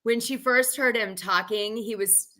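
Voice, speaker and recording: A woman's voice: medium pitch, unhurried, bright, forceful tone. A woman hosting a casual gossip livestream, talking in a chatty way with lots of "like" fillers. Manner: chatty, heavy use of "like" fillers. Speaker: show host.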